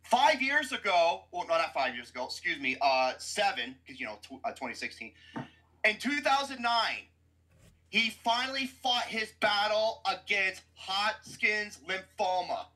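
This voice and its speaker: A podcast host in full rant, cursing and mocking as he vents about a game. His pitch swings all over the place, and his voice has a bright, sharp edge. He talks as a man loudly unloading on the topic. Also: sing-song, a little slow. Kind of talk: profane sports rant.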